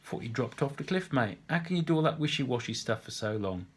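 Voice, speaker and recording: A man's voice: mid-range voice, lively intonation, quick pace, slightly rough. A man reading a story aloud and voicing a brash, nosy, overfamiliar man with a London accent. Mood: cheeky. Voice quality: blunt, matey.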